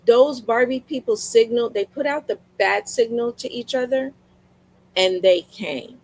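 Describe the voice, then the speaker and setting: Slow-talking woman chatting on a live stream. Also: on the high side, darkish tone, low-quality recording. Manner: chatty storytelling, repeats lines for emphasis; talks straight to viewers. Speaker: livestream seller. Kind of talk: casual live stream chat. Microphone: streaming mic.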